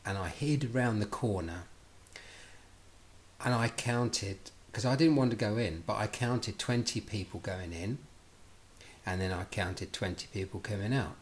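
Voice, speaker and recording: A middle-aged man tells his life story in an animated way, acting out both sides of conversations and restarting often. His voice is lowish and his pace measured, with a little hiss or hum in the recording.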